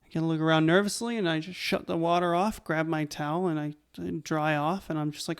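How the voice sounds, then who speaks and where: A young adult man telling his own stories in a casual, animated way as a channel host. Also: on the high side, brisk, clear, resonant tone. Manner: animated, conversational, laughs between lines. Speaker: YouTube host. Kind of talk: casual storytelling to camera.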